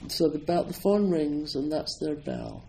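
A Scottish Zen priest and meditation teacher talks informally to an audience, chatty and self-deprecating, with lots of ums and you-knows. His voice is fairly high, a little slow and mellow. The low-quality recording carries a slight hiss or hum.

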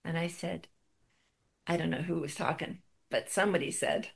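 A woman's voice: sits low, fairly even intonation, normal speed, gravelly, husky. A middle-aged woman giving a spiritual talk, telling a personal story with wry, self-deprecating humor.

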